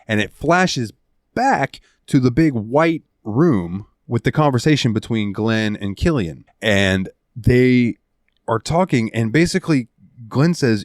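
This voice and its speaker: A man hosting a casual podcast, recounting a game's ending with animated, heartfelt storytelling and some swearing. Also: mid-range voice, unhurried, dry recording, studio quality. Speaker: podcast host. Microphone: studio headset mic.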